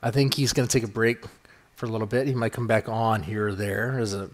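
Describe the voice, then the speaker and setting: A man's voice: lowish voice, flat delivery, fast. Rambling profane podcast host, a man. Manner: rambling, profane, many fillers. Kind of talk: casual podcast chat.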